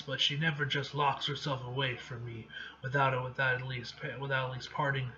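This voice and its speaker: Worried grown man, read by a man, earnest and halting, bright voice, lo-fi. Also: mid-range voice, natural voice.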